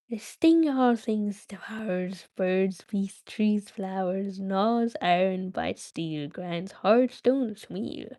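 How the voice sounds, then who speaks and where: A woman's voice: mid-range voice, darkish tone. Woman reading a story aloud on a stream. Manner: chatty, breaks off to talk to viewers. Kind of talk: casual read-aloud livestream.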